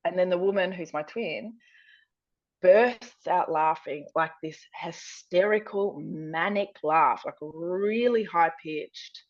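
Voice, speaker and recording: A woman's voice: slow pace, no echo. A woman, a stand-up comedian telling a story on a podcast, acting out quotes and swearing freely. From Australia. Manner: animated, acts out quotes with big pitch jumps, swears freely. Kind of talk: storytelling, casual chat. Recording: dull lo-fi sound.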